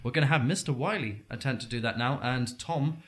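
A man's voice: mid-range voice, fairly quick. A man hosting a comedic mock game show in a playful way, often laughing between lines as he reads out the rules.

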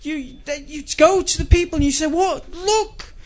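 A man's voice: very high voice, steady tone, fairly quick, lo-fi sound. A man doing a stand-up comedy rant, exasperated and swearing as he complains.

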